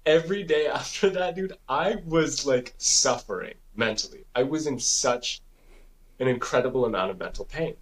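Young man, podcast co-host, casual chat, animated storytelling, frequent swearing. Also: medium pitch, moderate pace, poor audio. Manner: animated storytelling, swearing, acts out his own past thoughts.

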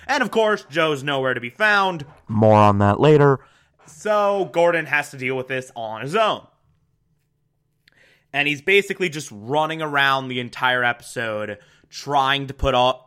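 Man recapping a show, slow unhurried talk, bright forceful tone, laughs a lot, swears. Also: on the high side, smooth. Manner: chatty, laughs often, swears casually. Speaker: TV episode recapper. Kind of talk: casual recap commentary.

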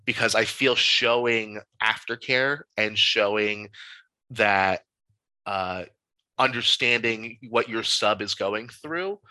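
Bright-voiced man telling a story. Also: fairly low pitch, dry recording, rough recording. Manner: candid, animated storyteller with frequent fillers. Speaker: podcast guest. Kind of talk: casual interview storytelling.

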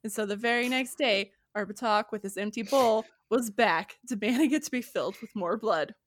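A woman's voice: fairly high pitch, normal speed. A woman casually retelling an old legend on a podcast, joking and laughing as she goes. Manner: laughing, jokey retelling with voiced asides. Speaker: podcast co-host. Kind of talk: casual storytelling chat.

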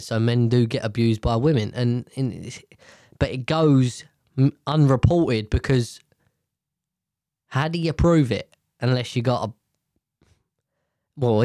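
A man's voice: mid-range voice, measured pace, pauses often, warm tone, no echo, clean studio sound. A man hosting a solo podcast from a table at home, rambling in casual chat, swearing freely and often restarting his sentences. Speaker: podcast host.

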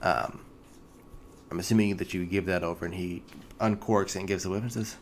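A man running a tabletop game as game master, narrating in a relaxed, hesitant way. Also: deep voice, fairly quick, slight background noise.

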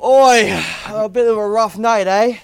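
A man's voice: high voice, steady tone, a little slow, clean tone, no room sound, voice pushed up. A man voicing a cranky young male mutant turtle with a mock British accent and a blustery, slangy way of talking. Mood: groggy.

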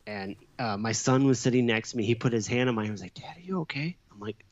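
A middle-aged man in a casual chat, an animated storyteller who also answers quickly as a listener. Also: lowish voice. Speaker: podcast co-host. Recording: slightly dull, lo-fi sound.

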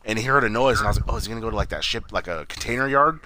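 A man's voice: on the low side, racing, sharp tone, slight background noise, poor audio. A man casually recapping a TV episode, rambling, cursing freely and acting out the characters' lines. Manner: rambling, swears a lot, acts out quotes. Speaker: podcast co-host.

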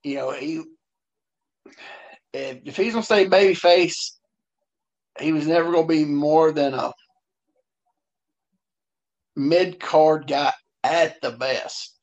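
A man's voice: on the high side, slow, long pauses. A man co-hosting a casual chat, agreeable and hesitant, often trailing off mid-thought. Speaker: podcast co-host. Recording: dull lo-fi sound.

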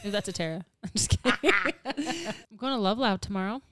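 Excitable giggly woman. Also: medium pitch, normal speed, dry recording. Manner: excitable, giggly, blunt jokes. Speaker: podcast co-host. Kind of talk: casual chat.

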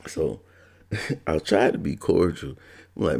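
A man's voice: extremely low pitch, expressive, takes it slowly, creaky, a little mellow, slightly rough. A man from Georgia telling a personal story in a laid-back, casual way, laughing now and then.

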